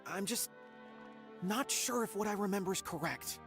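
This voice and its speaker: A man's voice: high voice, animated, moderate pace, over music. An actor voicing a forgetful male frog in a game, gloomy and self-deprecating. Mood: wistful. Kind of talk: game voice acting.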